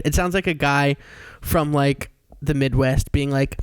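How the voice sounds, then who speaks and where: A young man on a podcast who cracks dry, playful jokes from home. His voice sits a little high and sounds close and dry, with no room echo. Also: steady tone, normal speed, clear, resonant tone. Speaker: podcast co-host. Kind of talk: casual chat. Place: home in Queens.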